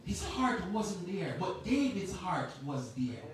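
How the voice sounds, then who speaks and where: A woman's voice: fairly low pitch, sing-song, slow, crowd noise. Echoey woman preaching a passionate sermon. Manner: impassioned, swings from loud exhortation to quiet reflection. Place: church sanctuary. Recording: very echoey church from a distant mic.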